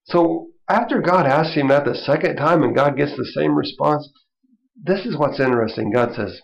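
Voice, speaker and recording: A man teaching a Bible study in a loose, conversational style, with many asides and light chuckles. His voice is gravelly, and the recording sounds dull and lo-fi. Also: on the high side, normal speed. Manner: conversational, chuckling, lots of "you know". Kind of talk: informal Bible lesson.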